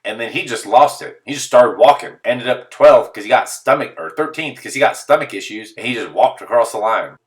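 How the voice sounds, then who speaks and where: A man's voice: mid-range voice, fairly quick, few pauses, recorded from a distance. A man telling a comedic story in a monologue, full of exaggerated disbelief and acted-out quotes. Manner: animated, exaggerated disbelief, acts out quoted voices.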